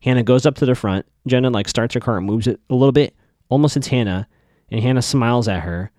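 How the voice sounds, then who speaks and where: A man's voice: medium pitch, quick pace, darkish tone, dry recording, studio quality. A man hosting a podcast, giving a casual, opinionated recap of a TV episode with skeptical asides. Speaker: podcast host.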